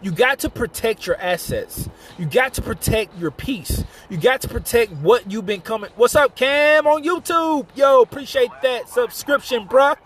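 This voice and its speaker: A man's voice: extremely high pitch, normal speed, few pauses, a bit bright, slight background noise. A man streaming a game live, chatting casually with viewers and telling a story between plays. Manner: casual, chatty, retells a story while playing and thanking viewers.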